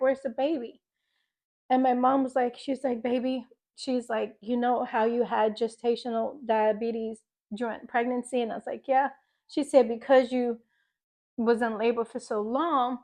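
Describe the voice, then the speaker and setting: A young woman with a Philadelphia accent tells her birth story as a faith testimony. She talks casually and emotionally, with fillers, and slips into her own pleading voice from that day. Her voice sits a little high. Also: a little mellow. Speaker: faith vlogger sharing a testimony.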